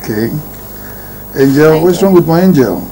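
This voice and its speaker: An actor playing a calm middle-aged father who gently reassures his wife and daughter. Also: on the high side, moderate pace, a little hiss or hum, close to an everyday voice, low-quality recording. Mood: reassuring.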